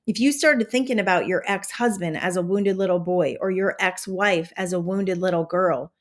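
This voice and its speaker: A woman hosting a podcast, giving a casual motivational talk with animated enthusiasm and a slight Southern American twang. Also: fairly low pitch, moderate pace, hardly any pauses. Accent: drifting into a Southern American twang. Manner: animated, enthusiastic, conversational with many fillers. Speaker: podcast host and manifestation coach.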